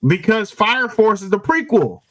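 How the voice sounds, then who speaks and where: A man's voice: sits high, sing-song, a little slow, a bit bright, low-quality recording. A man hosting a casual chat show, emphatic and opinionated, repeating his points for stress. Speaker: show host.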